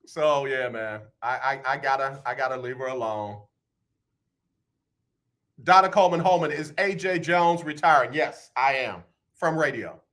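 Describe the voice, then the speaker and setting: A man's voice: mid-range voice, measured pace, a bit bright. A man in his fifties hosting a radio talk show, chatting casually and playfully with listeners, often repeating phrases for emphasis. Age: 50s.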